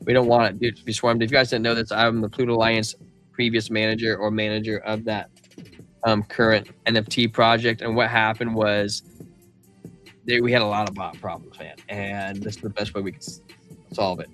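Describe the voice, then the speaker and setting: A man's voice: lowish voice, level tone, a little fast, a bit bright, soft background music. A man hosting a live crypto stream, talking through price charts and reading viewers' chat in a casual, slangy way. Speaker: crypto livestream host.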